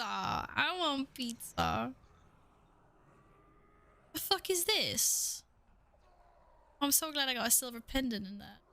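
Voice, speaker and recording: Streaming live, a young woman keeps up a playful, easygoing chat with her audience, cursing freely and laughing a lot. She has a sharp, high-leaning voice, and there's no room sound.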